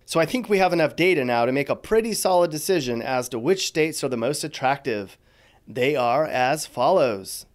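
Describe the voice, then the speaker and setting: A man's voice: mid-range voice, expressive, normal speed. A man hosting a YouTube video, narrating from a script with playful, teasing asides. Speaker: YouTube host.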